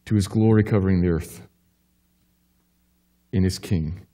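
A man's voice: a little slow, long pauses. Man preaching a sermon in a reverberant church. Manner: emphatic preaching, swinging from urgent high-pitched questions to low quiet assurance. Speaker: pastor. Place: church sanctuary.

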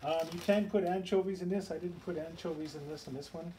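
A man's voice: a little high, fairly even intonation, fast. A man casually talking through a home cooking video, rambling and chatty and breaking off mid-sentence, filmed on a camera across a home kitchen. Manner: rambling, chatty, self-interrupting. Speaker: home cook. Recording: noisy home recording.

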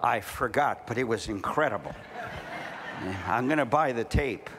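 A middle-aged man preaching a sermon, telling stories and building to fervent shouting. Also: mid-range voice, brisk, noisy background. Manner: storytelling, rising to fervent shouting.

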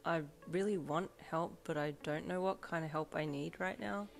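A woman voicing a moody, excitable teenage student who grumbles and fills her talk with ums and uhs in a fan audio story. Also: sits low, moderate pace, vocal fry, faint music behind. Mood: grumpy, eager.

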